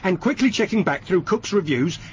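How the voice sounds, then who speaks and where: An earnest, eager sergeant who turns sulky when refused. He speaks high and lively. The sound is a slightly muffled broadcast. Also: normal speed, slight background noise. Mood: pleading. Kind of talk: 1950s-set radio comedy-drama. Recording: dull radio broadcast.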